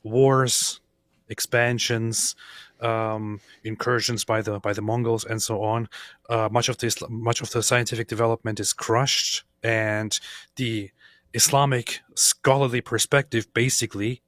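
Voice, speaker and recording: A man co-hosting a livestream, explaining a point in a halting way with many fillers. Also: mid-range voice, little pitch movement, a bit bright, no echo. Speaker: livestream co-host. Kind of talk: casual livestream chat.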